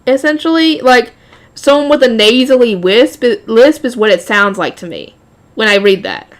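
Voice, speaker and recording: A woman's voice: a little high, lively intonation, moderate pace. A woman reading a light novel aloud, often laughing and breaking off to chat with her viewers.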